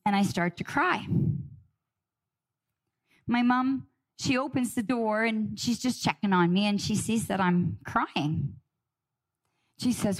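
A middle-aged woman telling a personal story with dramatic pauses and emotion. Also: medium pitch. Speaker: guest speaker.

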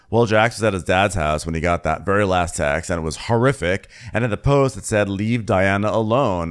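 A man co-hosting a comedic recap podcast, speaking earnestly with halting restarts. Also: on the low side. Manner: earnest, halting, many fillers when serious. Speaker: podcast co-host.

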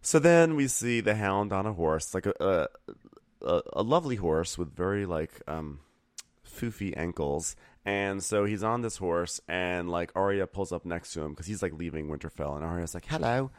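A man's voice: sits low, expressive, normal speed, no room sound. A man co-hosting a podcast, chatting casually about a TV episode and acting out the characters' lines. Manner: chatty, acts out characters' lines, many fillers. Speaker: podcast co-host. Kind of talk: casual TV recap chat.

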